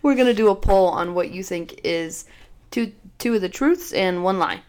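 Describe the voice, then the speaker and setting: A woman's voice: medium pitch, expressive, normal speed, a little mellow, slight background noise. A young woman co-hosting a podcast, speaking in a casual, playful and blunt way with mock-grumpy jokes. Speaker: podcast co-host. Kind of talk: casual chat.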